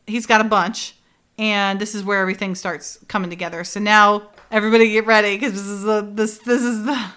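A woman's voice: medium pitch, steady tone, a little fast, sharp tone, clear, resonant tone. A woman co-hosting a casual podcast, animatedly retelling a TV episode and quoting the characters with laughs. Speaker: podcast co-host. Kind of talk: casual chat recapping a TV episode.

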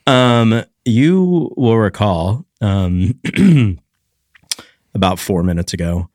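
A man's voice: fairly low pitch, expressive, very slow, darkish tone, dry recording, clean studio sound. A man hosting a podcast interview in a playful, teasing way. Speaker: podcast host. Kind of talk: casual interview.

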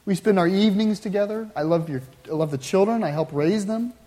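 A man's voice: sits high, fairly quick, mellow, lightly acted. A man in a sermon, voicing a dutiful husband who gets defensive and exasperated when asked about love. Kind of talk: acted quote within a sermon. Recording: long hall reverb.

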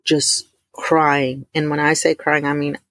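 A middle-aged woman, telling a heartfelt personal testimony to her listeners, warm and emotional, calling them y'all. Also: low-pitched, little pitch movement, dry recording, studio quality. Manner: emotional, addresses listeners as y'all, drawn-out emphasis. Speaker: host of a faith talk stream.

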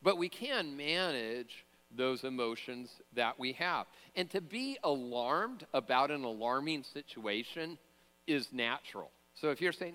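Bright-voiced pastor preaching in a reverberant hall. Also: male voice, medium pitch, expressive, unhurried. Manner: conversational, joking asides, frequent fillers and restarts. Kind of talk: sermon.

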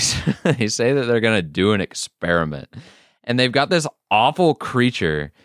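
A man's voice: lowish voice, fairly bright tone, clean tone, dry recording, clean studio sound. A man co-hosting a podcast, recapping a show in a rambling, profane way with many fillers. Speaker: podcast co-host. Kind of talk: casual recap chat.

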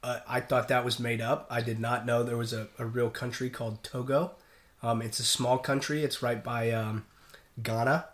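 A man's voice: medium pitch, little pitch movement, moderate pace, a bit bright. Male sailor guest, chatty storyteller, loose and rambling delivery. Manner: rambling, many restarts and fillers. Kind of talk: casual storytelling.

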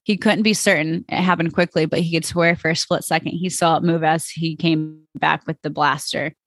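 A woman host reads fan fiction aloud in a plain storytelling voice, stumbling now and then. Her voice has a gravelly fry, and the recording is dry with no room sound. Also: deep voice, steady tone, moderate pace, no room sound. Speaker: podcast host.

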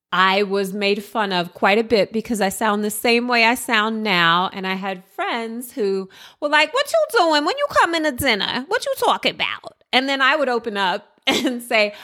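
A woman's voice: medium pitch, a bit bright. A woman from New Jersey hosting a podcast, telling her own story in a candid, reflective monologue and speaking straight to the listener. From New Jersey, USA. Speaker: podcast host.

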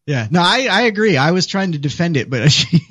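A man's voice: on the high side, sing-song, brisk, fairly bright tone. A man hosting a casual, joking movie chat, swearing freely. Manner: profane, joking. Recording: dull lo-fi sound.

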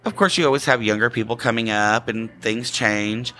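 A man's voice: medium pitch, moderate pace, bright, forceful tone. A man who is a longtime drag performer, talking casually in an interview and acting out the greetings he gives people. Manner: chatty, acts out quoted greetings.

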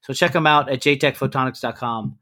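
A man's voice: medium pitch, brisk, pushed and bright. A man co-hosting a casual woodworking podcast, reading sponsor and review plugs in an easygoing, jokey way. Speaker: podcast co-host. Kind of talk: casual podcast outro chat.

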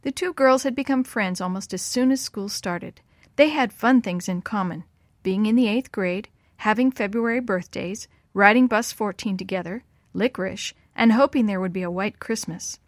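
A woman telling a story to children in a gentle, clear voice. Her delivery is unhurried and kind. The sound is close and dry, with no room echo. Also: mid-range voice. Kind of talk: reading a story aloud to children.

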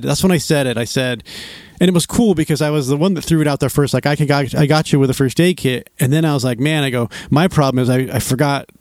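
A man's voice: on the high side, dry recording. A middle-aged man casually telling a hiking story, acting out other people's voices as he goes. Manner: animated, acts out quoted voices. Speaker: storyteller recounting a hike.

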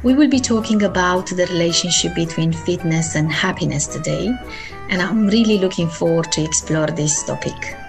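A woman host opening and steering a podcast interview in a low, slightly gravelly voice. She speaks politely and at a measured pace, pausing on fillers. Soft music sits faintly behind her. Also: wildly swooping pitch.

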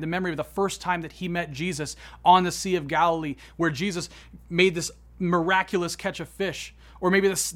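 A man preaching a sermon, retelling a story with swings between hushed, solemn passages and excited, rising ones. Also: fairly high pitch. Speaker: pastor.

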